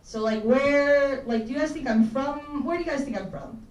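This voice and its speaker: Her voice high and a little mellow, a young Tennessee comedian works through a rambling set of self-deprecating jokes, cursing frequently, at a normal pace. The lo-fi recording from a small campus comedy room sounds roomy, the mic distant, with faint ambience from the live crowd.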